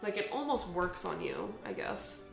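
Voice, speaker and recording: A woman's voice: fairly low pitch, huge pitch swings, normal speed, vocal fry. A woman hosting a let's play, ranting profanely in casual game commentary with a sick voice. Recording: echoey room, faint music.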